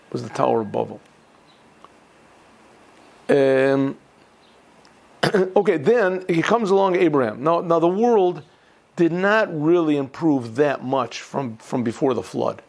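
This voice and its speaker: A rabbi teaches an informal Torah class in a gravelly, raised voice. He clears his throat often and trips over restarts as he works his thoughts out aloud. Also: on the high side.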